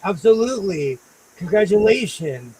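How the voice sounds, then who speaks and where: A middle-aged man hosting a casual live-stream chat from his home sewing room, playful and animated, repeating his phrases for emphasis. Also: sits high, moderate pace, slight background noise, rough recording. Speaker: host.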